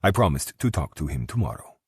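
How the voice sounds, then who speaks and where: Very deep gravelly male narrator. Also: sing-song, brisk, no echo, clean studio sound. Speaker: audiobook narrator. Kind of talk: first-person romance narration.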